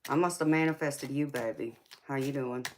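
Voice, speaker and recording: A woman's voice: rumbling low, normal speed, darkish tone, a little hiss or hum. A woman with a Southern American accent, chatting sassily with viewers on a tarot livestream and calling them baby. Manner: sassy, drawling, calls viewers baby. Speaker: tarot reader hosting a livestream. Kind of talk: casual livestream chat with viewers.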